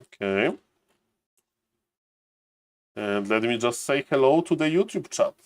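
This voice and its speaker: A man's voice: mid-range voice, animated, takes it slowly. A man chatting casually on a live stream, greeting viewers by name and thinking aloud as he waits for a match. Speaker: streamer and caster.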